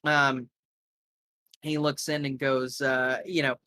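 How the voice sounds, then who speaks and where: A man's voice: medium pitch, level tone, takes it slowly, sharp tone, no room sound. A man narrating a tabletop game as game master, rambling casually with lots of fillers.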